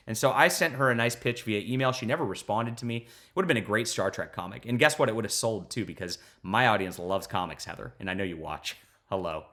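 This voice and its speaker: Male commentator, lowish voice, heated sarcastic ranting, casual delivery. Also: fairly bright tone. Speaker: commentary vlogger.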